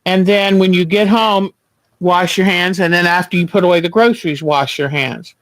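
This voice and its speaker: A man hosting a quilting livestream, chatting gently and reassuringly while he sews at home. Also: sits high, moderate pace, no room sound, poor audio. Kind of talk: casual chat while sewing.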